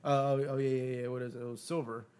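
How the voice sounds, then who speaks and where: Profane storytelling man, animated. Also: mid-range voice, quick pace, smooth. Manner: profane, animated retelling with quoted dialogue. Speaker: podcast guest. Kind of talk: casual storytelling.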